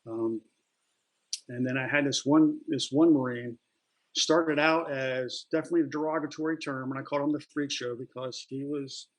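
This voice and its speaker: A man's voice: medium pitch, steady tone, moderate pace, low-quality recording. A middle-aged man, an interview guest, telling stories in a plain-spoken, loose way with many fillers and restarts. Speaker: interview guest, retired Marine. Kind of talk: casual storytelling.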